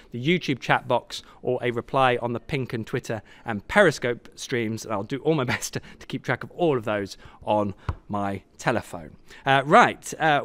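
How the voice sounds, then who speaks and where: A man hosting a live football show from a stadium, chatty and jokey with quick asides. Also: on the high side, fairly bright tone. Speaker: host.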